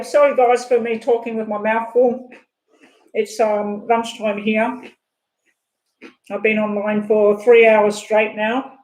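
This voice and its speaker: A woman's voice: a little high, flat delivery, a little mellow. Chatty woman reading tarot. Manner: chatty, fast-talking, rambling asides. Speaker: tarot reader. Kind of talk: live-stream tarot reading. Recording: echoey room.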